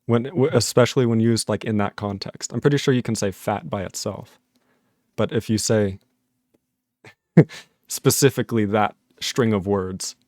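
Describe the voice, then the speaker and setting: A man's voice: on the low side, normal speed, a little mellow, dry recording, studio quality. A man on a casual live stream, reading chat messages aloud, laughing often and puzzled by the jokes.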